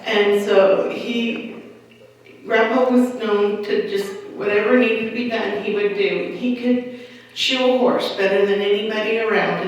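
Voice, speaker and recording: An older woman recalls family history for an audience, wandering through her memories with ums and restarts. Her mid-range voice is heard from well back from the mic, with a long hall reverb and a faint hiss beneath it. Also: medium pitch. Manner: unhurried, rambling recollection with ums and restarts. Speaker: local history speaker. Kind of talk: family storytelling talk to an audience. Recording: echoey hall recording from far off, light noise.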